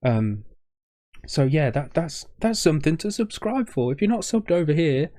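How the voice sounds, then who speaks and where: A man's voice: on the high side, very animated, moderate pace, warm tone, no room sound, clean studio sound. A young man hosting a reaction video, choked up with a shaking voice, rambling and stumbling over his words in casual commentary.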